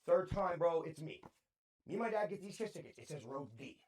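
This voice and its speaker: A man in his thirties chats on a podcast in a high, lively voice that leaps up and down as he gets worked up. He spins his stories with a steady stream of slang and casual swearing. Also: a little fast. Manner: excitable storyteller, heavy slang and swearing. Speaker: podcast co-host. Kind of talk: casual chat.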